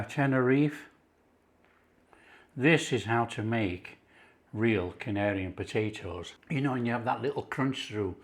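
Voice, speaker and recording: Middle-aged Yorkshire man, cooking channel host, slow relaxed delivery, keen and full of praise. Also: mid-range voice. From Yorkshire, England. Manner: enthusiastic, unhurried, calls things superb. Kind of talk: casual cooking video.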